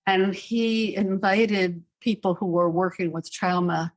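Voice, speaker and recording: An older woman speaking as a psychiatrist guest in an interview, telling her story in a measured, thoughtful way with dry asides. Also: mid-range voice, steady tone. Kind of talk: reflective interview answers.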